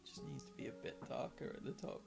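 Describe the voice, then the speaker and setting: A man's voice: a little fast, poor audio. A young man from northern England chatting casually and rambling through a late-night livestream, tired and self-deprecating, with frequent ums. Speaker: livestream host painting along. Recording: background music playing under the voice. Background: guitar music.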